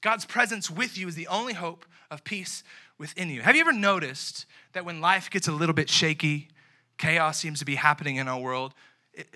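A young man delivers a sermon in an easygoing, chatty way, sprinkling in slang and playing out little scenes. His voice sits a bit high and rings bright and forceful. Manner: animated, conversational preaching with slang and acted-out asides. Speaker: youth pastor.

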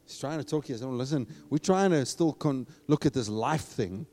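A man preaching a sermon, talking casually and then building up to loud, emphatic exhortation. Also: medium pitch, animated, moderate pace. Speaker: pastor. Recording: long reverb of a large hall.

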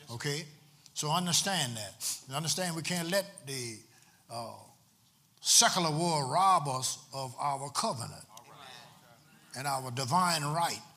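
Male preacher, fairly high bright voice, keeps repeating lines to drive them home, church sermon. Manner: call-and-response preaching, repeats phrases for emphasis. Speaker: pastor.

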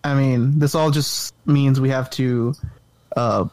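A man's voice: mid-range voice, steady tone, slow pace, a little mellow, no echo. A man co-hosting a casual podcast, easygoing and agreeable, laughing often as he talks. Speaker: podcast co-host.

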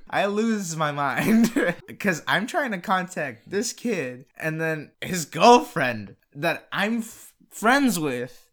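Bright, lively man teasing his co-host. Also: a little high, takes it slowly, few pauses. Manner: teasing, jumps in and finishes others' sentences. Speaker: podcast co-host. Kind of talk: casual chat.

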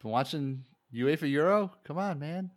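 A man's voice: fairly high pitch, animated, normal speed, no room sound, studio quality. A man chatting casually on a podcast, rambling and laughing often, swearing freely. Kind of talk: casual chat.

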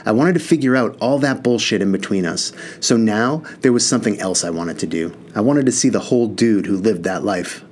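A man's voice: fairly low pitch, fairly quick, hardly any pauses, darkish tone, a little hiss or hum. A man reading a first-person novel aloud in an earnest, casual voice with mild swearing. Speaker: audiobook narrator.

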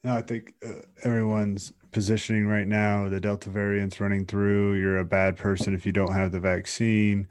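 A man's voice: on the low side, little pitch movement, normal speed, hardly any pauses, dry recording. A man co-hosting a podcast, talking loosely and casually, full of fillers. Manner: loose, talkative, peppered with "like" and "uh". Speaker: podcast co-host.

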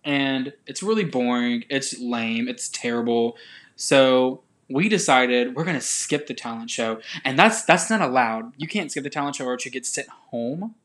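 A young man from the southern United States, chatting casually as a podcast co-host and telling an animated, rambling story with laughs. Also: mid-range voice, moderate pace.

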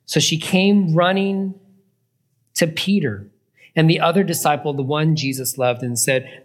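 Man teaching scripture, higher voice. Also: measured pace. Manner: retells scripture with questions to listeners. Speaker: preacher. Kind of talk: Bible teaching.

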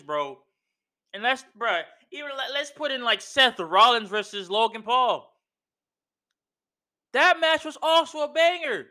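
A man's voice: extremely high pitch, pushed and bright, clean tone. A man hosting a podcast who rants in an emphatic, slangy way, repeating himself and calling the listener "bro". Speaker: podcast host. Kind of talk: casual wrestling opinion rant.

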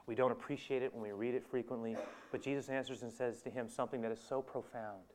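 A man's voice: medium pitch, fairly even intonation, quick pace, a little mellow, a little hiss or hum. A male preacher giving a conversational sermon, telling the story with animation, chuckling and speaking straight to his listeners.

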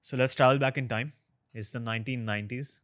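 A man hosts a casual podcast interview, playful and teasing, talking fast with a mid-range, fairly bright voice and fairly even intonation. The sound is clean studio quality with no room sound.

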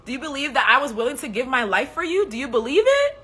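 Brief: a sassy, loving male savior begging to be believed, pitched high and loud, as a woman puts him on. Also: sing-song, fast talker, husky, exaggerated voice. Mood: pleading. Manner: sassy, pleading, repeats questions. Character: tender pleading male savior, loving and exasperated.

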